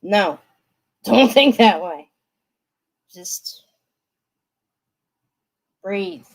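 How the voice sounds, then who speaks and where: A woman's voice: mid-range voice, expressive, extremely slow, creaky, poor audio. A woman giving tarot readings on a live stream, chatting straight to her viewers and laughing often. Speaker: tarot reader.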